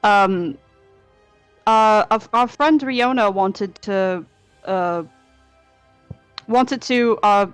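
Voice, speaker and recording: A woman's voice: medium pitch, extremely slow, long pauses, clean tone, dry recording, faint music behind. A woman voicing a polite but flustered adventurer woman who stumbles over her words. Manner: hesitant, many fillers.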